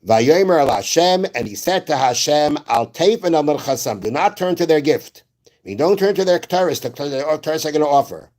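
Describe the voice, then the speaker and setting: Un hombre da una clase religiosa como rabino y explica los versos con calma, citando textos antiguos y repitiendo frases para aclararlas. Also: male voice, on the high side. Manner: explains slowly, repeats phrases, quotes Hebrew verses. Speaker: rabbi. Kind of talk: Torah class.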